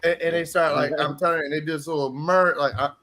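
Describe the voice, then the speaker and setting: A man's voice: fairly high pitch, steady tone, quick pace, a loud crowd. A man telling crude hunting stories in a casual chat, swearing freely and laughing often. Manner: crude, profane storyteller who laughs often.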